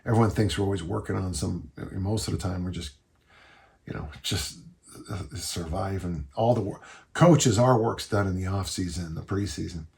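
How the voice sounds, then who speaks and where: A man's voice: low-pitched, moderate pace, creaky, a little mellow. An older man hosting a podcast and answering listener questions in a rambling, folksy storytelling way. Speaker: podcast host and strength coach. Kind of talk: casual listener Q&A chat.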